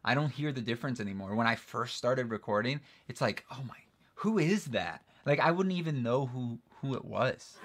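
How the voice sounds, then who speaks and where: A young man co-hosting a live stream, chatting casually in quick, animated banter. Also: medium pitch. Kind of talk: casual chat.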